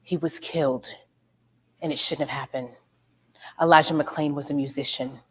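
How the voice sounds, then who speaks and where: A woman with a low voice reads a solemn tribute script. Her delivery is measured and grave throughout. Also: steady tone, husky. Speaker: narrator of a tribute segment.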